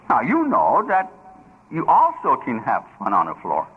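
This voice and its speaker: An older man shares his life story at a recovery meeting, joking and plain-spoken with loose grammar. His pitch rises and falls with animation. The recording is dull and lo-fi. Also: huge pitch swings, normal speed. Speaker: recovery speaker. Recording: dull lo-fi recording with faint noise.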